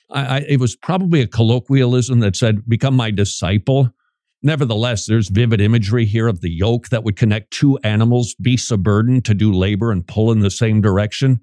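A man preaching on his radio show in an emphatic, dramatic way, his voice leaping high and dropping low. The sound is dry and close, with no room echo. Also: lively intonation, moderate pace, darkish tone. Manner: emphatic, dramatic preaching with sudden pitch swings. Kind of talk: radio Bible teaching.

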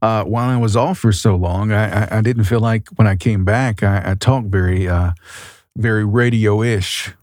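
A man's voice: fairly low pitch, steady tone, a little mellow, dry recording, clean studio sound. A man co-hosting a radio show, chatting casually and reading listener questions aloud. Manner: easygoing, quick agreeing interjections.

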